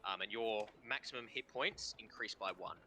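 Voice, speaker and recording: A young Australian man narrating as game master over an online call, halting with frequent fillers. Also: fairly low pitch, very noisy. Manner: halting, full of ums and kind-ofs.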